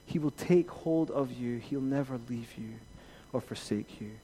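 A man preaching a sermon as pastor, rising to emphatic peaks and then dropping to quiet reassurance. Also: mid-range voice, a little slow, slight background noise.

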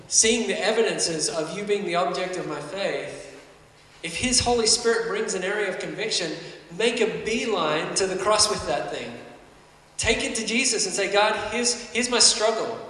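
A man's voice: high-pitched, a bit bright. A man preaching a sermon, earnest and conversational, building emphasis as he goes. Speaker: pastor. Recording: echoey hall, mic at a distance.

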